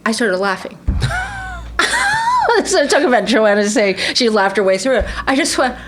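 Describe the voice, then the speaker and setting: A woman's voice: medium pitch, moderate pace, a little hiss or hum. A woman in her sixties from the United States, an actress giving an interview and telling stories animatedly, laughing often and acting out what people said. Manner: animated storyteller, laughs often, acts out quotes. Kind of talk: casual interview conversation.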